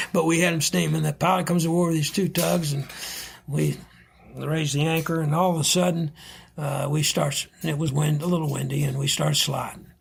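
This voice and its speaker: Gravelly-voiced older man telling stories. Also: a little high, slight background noise. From United States. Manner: chuckling anecdotal storyteller, acts out dialogue. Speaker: retired vice admiral, interview guest. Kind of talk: storytelling in a podcast interview.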